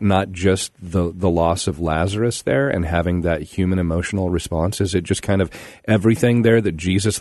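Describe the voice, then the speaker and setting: Radio host, very low voice, dry studio sound, reflective questioner. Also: male voice, darkish tone, no room sound. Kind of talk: conversational radio interview.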